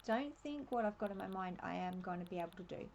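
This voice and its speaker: An Australian woman streaming a game, chatting and thinking aloud in a relaxed, laughing way. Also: mid-range voice, fast talker, creaky, slight background noise. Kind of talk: casual live-stream commentary.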